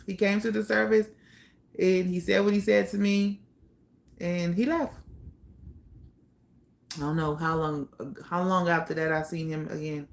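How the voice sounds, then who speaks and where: Blunt gravelly-voiced young woman storyteller. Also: lowish voice, steady tone. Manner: candid, blunt, pausing with fillers. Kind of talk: personal storytelling monologue.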